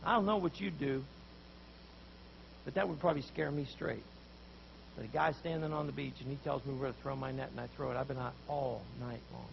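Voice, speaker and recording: A man preaching a sermon, telling a story with animated voices for the people in it. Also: mid-range voice, a little fast, creaky, highs cut off, a little hiss or hum. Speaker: pastor.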